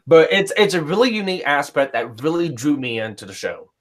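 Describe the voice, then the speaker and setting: A man's voice: fairly high pitch, very animated, a little fast. A man hosting a casual chat, rambling and blunt with heavy swearing. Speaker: podcast host. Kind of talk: casual chat reviewing anime.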